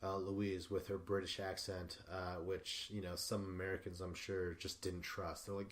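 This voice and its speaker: A man's voice: sits low, flat delivery, moderate pace, few pauses, a bit bright. A man hosting a podcast, giving a casual solo recap in a rambling, profane way, full of fillers and restarts. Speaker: podcast host.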